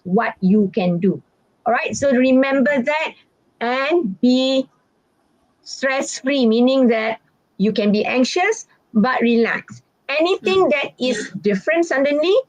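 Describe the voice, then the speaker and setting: A woman's voice: a little high, normal speed, no echo. Chatty woman teacher. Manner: chatty and reassuring, reads out student questions, acts out sample answers. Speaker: English teacher. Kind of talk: live online exam-prep lesson. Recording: dull, dry, lo-fi recording.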